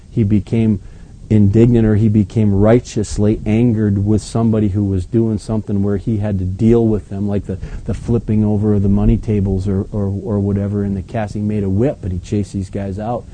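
A man acting as pastor, reading scripture aloud and then commenting on it in a relaxed, conversational way. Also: on the low side, moderate pace, slight background noise, low-quality recording. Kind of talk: Bible reading with sermon commentary.

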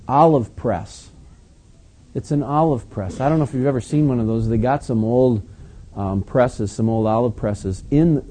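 A male pastor delivering an animated, emphatic sermon with conversational asides. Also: mid-range voice.

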